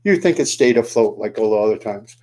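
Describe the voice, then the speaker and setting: A man telling a folksy story, animated, asking the listener questions as he folds a paper boat. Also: lowish voice, fairly quick. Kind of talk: oral storytelling to the camera.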